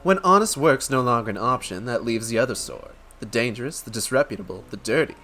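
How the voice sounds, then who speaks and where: A man voicing a charming, smooth-talking male rogue in a game, with a theatrical British-tinged drawl. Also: medium pitch, animated, fast talker, sharp tone, soft background music. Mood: roguish.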